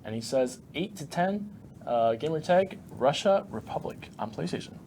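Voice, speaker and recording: A man co-hosting a game stream, relaxed and a little hesitant, reading out winners. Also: on the high side, normal speed, vocal fry, a little hiss or hum. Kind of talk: casual stream chat.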